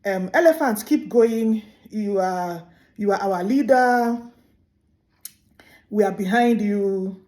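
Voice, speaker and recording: A woman voicing a sly small male tortoise who wheedles and quickly denies what he said. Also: mid-range voice, a little mellow, close to an everyday voice. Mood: wheedling.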